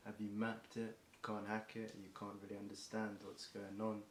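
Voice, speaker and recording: Freestyling at normal speed, a young man from England streams a marathon song in a low, monotone voice. He repeatedly stumbles, corrects himself and starts over with plenty of ums, and he's audibly going hoarse. The recording has room echo and a faint hiss.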